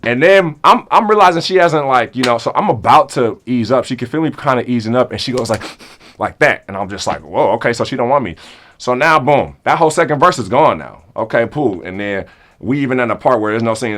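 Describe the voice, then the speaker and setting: A young man telling a comedic story to friends in a casual, animated way, acting out both sides of the conversation. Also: medium pitch, brisk.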